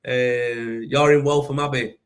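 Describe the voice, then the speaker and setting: A man with a broad Yorkshire accent chatting loosely on his show, bantering, swearing and laughing often. His voice sits at an ordinary middle pitch, and he talks in the easy, teasing way of a mate having a natter. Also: fairly even intonation, unhurried. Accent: Yorkshire English. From Yorkshire, England. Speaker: host. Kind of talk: casual chat.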